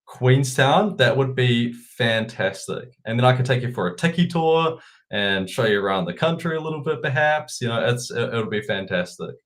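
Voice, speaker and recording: A man's voice: mid-range voice, normal speed. A man with a New Zealand accent, a guest talking casually about markets and crypto, with frequent repeated words. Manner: relaxed, repeats words when thinking. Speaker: guest analyst.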